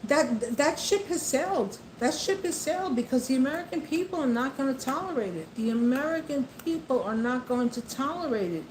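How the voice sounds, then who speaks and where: A woman's voice: sits high, lively intonation, a little fast, hardly any pauses, darkish tone, slight background noise. A woman delivering an impassioned monologue of political commentary, repeating herself and speaking straight to the president. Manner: impassioned, repetitive, addresses the president directly. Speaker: vlogger. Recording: echoey room with faint ambience.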